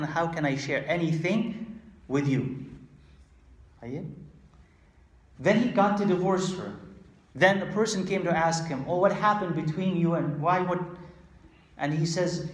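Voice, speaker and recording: Man, Islamic lecturer, conversational lecture, frequent fillers, voice echoing around the room. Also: fairly high pitch. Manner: conversational, acts out quoted exchanges, frequent fillers. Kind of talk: religious lecture.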